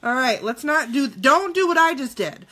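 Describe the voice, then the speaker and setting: A woman in her thirties chatting through a casual live makeup tutorial, jokey and quick to swear. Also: sits high, sing-song, a bit bright. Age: 30s.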